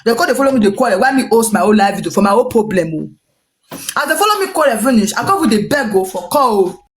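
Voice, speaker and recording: A social media personality with a Nigerian Pidgin English accent talks fast in a fairly high voice. She gossips her way through a dispute, rambling and repeating herself, and acts out what the other people said in lively quoted dialogue.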